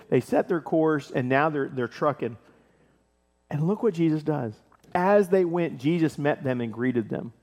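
A man preaching a casual, animated sermon, explaining scripture and acting out the characters with playful voices. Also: a little high, measured pace, big-room sound. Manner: animated, acts out biblical scenes with playful voices and laughs. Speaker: pastor.

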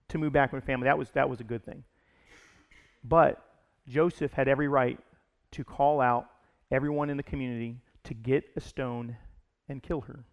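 Gravelly-voiced man preaching a sermon. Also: mid-range voice. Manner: conversational preaching, many restarts and "if you will". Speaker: pastor. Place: church service.

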